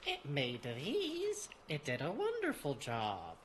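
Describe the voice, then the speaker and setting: Guy doing a mellow bug-loving man, soft and soothing, voice rises and falls a lot, noisy background. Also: on the high side, wildly swooping pitch, slow, full character voice. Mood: calm. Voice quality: soft, soothing, gently teasing. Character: calm gentle man who loves bugs.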